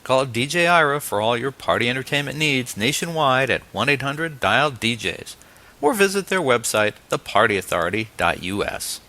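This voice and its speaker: A man's voice: medium pitch, lively intonation, moderate pace, bright, forceful tone. A man hosting an interview show who wraps up the talk and reads the closing announcements. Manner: friendly, laughs often. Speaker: radio interview host. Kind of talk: interview and scripted show outro.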